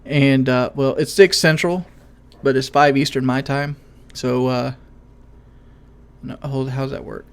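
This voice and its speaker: A young man giving casual gaming commentary, rambling and correcting himself, in what he calls a monotone voice, often asking viewers questions. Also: mid-range voice, unhurried, long pauses, clean tone. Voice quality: self-described monotone voice.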